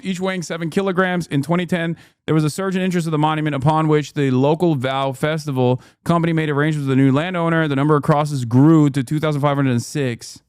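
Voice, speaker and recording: A man in his thirties ranting and reading aloud in a live-stream commentary, fast and sarcastic. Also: fairly high pitch, smooth, no room sound, studio quality. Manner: fast, heated, sarcastic rants. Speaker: streamer reacting to news clips.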